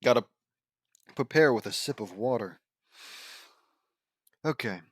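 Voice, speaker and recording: A man's voice: mid-range voice, lively intonation, unhurried, a bit bright, husky, dry recording. A man reading his own fan fiction aloud as a casual audiobook, breaking off for joking, sarcastic asides into a close home microphone. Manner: joking, sarcastic asides between read lines. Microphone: close home mic.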